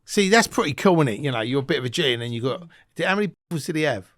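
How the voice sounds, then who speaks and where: A man's voice: a little high, expressive, racing, a bit bright, no echo, clean studio sound. A man interviewing a guest in casual chat, affirming her and teasing with jokes. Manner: affirming, joking and prompting.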